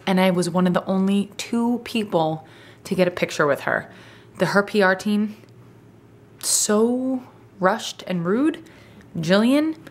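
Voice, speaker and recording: A woman vlogging at home, chatting to the camera in an excited, rambling way. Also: lowish voice, slight background noise. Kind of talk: casual chat to camera.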